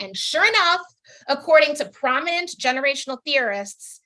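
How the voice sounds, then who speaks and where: A woman in her thirties performing a stand-up set over a video call, acting out quoted voices with big swings. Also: sits high. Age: 30s. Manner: animated, jumps into exaggerated quoted voices. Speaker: stand-up comedian.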